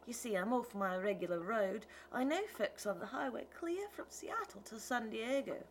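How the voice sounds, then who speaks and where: A woman's voice: on the high side, animated, normal speed, slight background noise, pitched above the performer's own voice. A woman doing a folksy wandering tinker man. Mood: whining. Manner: rustic ungrammatical drawl, wheedling. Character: folksy wandering male tinker, pleading salesman. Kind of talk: audiobook character reading.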